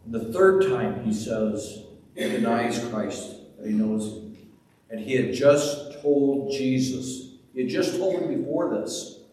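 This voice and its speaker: A pastor delivers a slow, deliberate sermon and retells scenes with drama. His voice carries through a long, reverberant church hall. The mic sits well away from him, with faint room ambience behind. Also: medium pitch, a little mellow, recorded from a distance, slight background noise.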